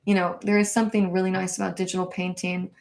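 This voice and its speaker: A woman's voice: on the low side, level tone, quick pace, gravelly, darkish tone. A woman hosting a live stream for her hoop dance channel, chatting casually and reading viewer comments aloud, with lots of fillers.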